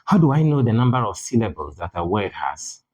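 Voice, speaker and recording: A man teaching English pronunciation in a deliberate manner, repeating key words for emphasis. English is not his first language. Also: fairly low pitch, big pitch swings, a little mellow, low-quality recording. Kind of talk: spoken lesson.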